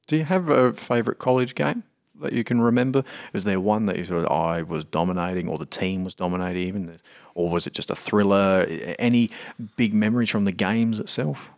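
Aussie guy hosting a podcast, low gravelly voice, bounces around in pitch, stumbles into his questions. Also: a little fast. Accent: Australian. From Australia. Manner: hesitant questioner, restarts and hedges. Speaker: podcast host. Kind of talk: casual interview questions.

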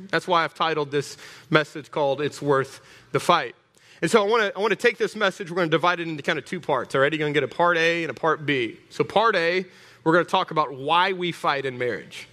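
Bright-voiced preacher with a high pitch. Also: male voice, fairly quick, long reverb tail. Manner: animated, humorous, rallying the congregation. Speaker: pastor. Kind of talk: sermon. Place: church hall.

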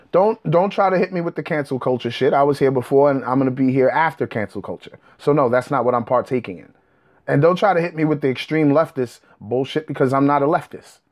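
A man's voice: a little high, a little mellow. A young man talking straight to his audience in a heated, profane, combative rant. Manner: profane, combative, rising to angry outbursts. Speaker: commentator.

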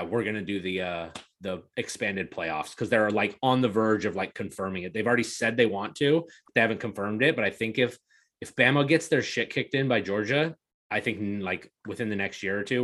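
Excitable, swearing male sports podcaster. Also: on the low side, brisk, slightly rough. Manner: excitable, swears freely, laughs often. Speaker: podcast co-host. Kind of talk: casual sports chat.

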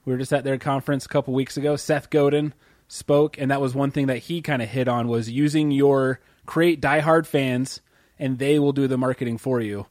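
A man's voice: mid-range voice, steady tone, moderate pace, darkish tone, no room sound. Laid-back man, dry close podcast mic. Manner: laid-back, laughs often. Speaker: podcast co-host. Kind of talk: casual chat.

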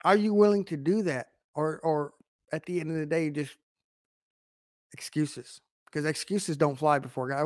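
Male online preacher, fairly high voice, dry close sound, emphatic with rhetorical questions and sudden loud swells. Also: fairly even intonation, normal speed, dry recording. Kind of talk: online sermon to camera.

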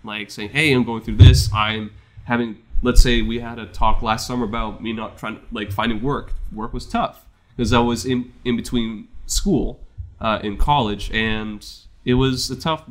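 A young man chatting casually with a friend, talking in a soft, reflective, candid way. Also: medium pitch, fairly even intonation, moderate pace. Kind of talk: casual chat between friends.

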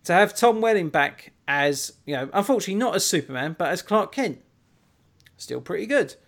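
Enthusiastic English podcast host. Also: male voice, high-pitched, lively intonation, a little fast, gravelly, a bit bright. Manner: chatty, enthusiastic, swears freely. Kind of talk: casual chat.

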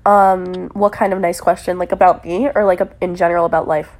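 A woman's voice: on the low side, little pitch movement, brisk, a little mellow. Blunt, teasing woman podcast guest. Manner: teasing, blunt, swears freely. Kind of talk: casual chat.

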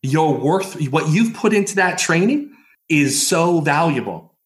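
A man's voice: a little high, lively intonation, a little slow, pitched above the performer's own voice. A man quoting a blunt British male friend who gives him tough, insistent advice, in a British accent.

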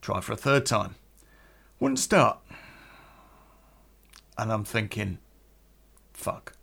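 A man's voice: on the low side, slow, gravelly, husky. A British man telling a personal anecdote casually, swearing often and restarting with plenty of fillers. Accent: British English. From Britain. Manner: profane, animated, with many fillers and restarts. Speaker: storyteller.

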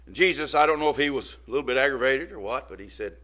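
Bright-voiced preacher talking plainly. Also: male voice, mid-range voice, expressive, quick pace. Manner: conversational, checks in with listeners. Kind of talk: informal sermon.

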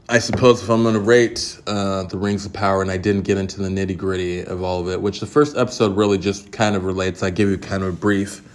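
A man's voice: low voice, little pitch movement, a little fast, a little hiss or hum. A man hosting his podcast alone, giving a casual, rambling review full of profanity and jokes. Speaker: podcast host.

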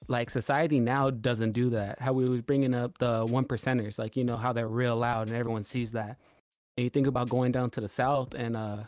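Male podcast co-host, mid-pitched, casual swearing storyteller, close dry mic. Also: dry recording. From US West Coast. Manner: animated storyteller, swears, lots of "like" and "bro". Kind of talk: casual chat.

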